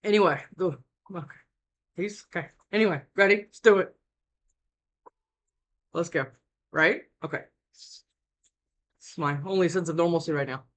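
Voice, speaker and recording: A woman's voice: on the low side, normal speed, pauses often. Exhausted, rambling woman tarot reader. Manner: rambling, with frequent restarts. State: worn out from lack of sleep. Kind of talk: casual tarot reading to camera. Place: indoors at home. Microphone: desk mic, close.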